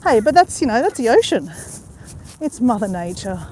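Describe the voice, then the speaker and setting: A woman's voice: fairly high pitch, very animated, moderate pace, darkish tone, slight background noise. A middle-aged Australian woman livestreaming from her phone as she walks a waterside path outdoors, chatting casually with viewers and greeting them by name. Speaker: vlogger livestreaming a walk. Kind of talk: casual live-stream chat. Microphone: phone held while walking.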